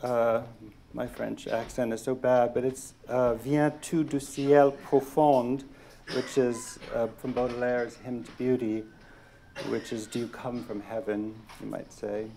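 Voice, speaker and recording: A man, a poet, reading his poems aloud at a lecture event, pausing with hesitant asides between poems and reading the verse in a slow, measured way. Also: medium pitch, little pitch movement, gravelly, a little mellow, a little hiss or hum. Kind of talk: poetry reading. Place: lecture hall.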